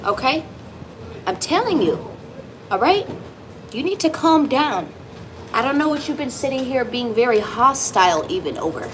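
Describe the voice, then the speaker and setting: A woman giving a tarot reading, talking directly to her viewer with emphatic, reassuring energy and the odd curse word. Her voice sits a little high and swings widely in pitch. A faint hiss of noise sits under the recording. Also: moderate pace, pauses often, low-quality recording. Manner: lively, emphatic, swearing, speaks directly to the viewer. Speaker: tarot reader.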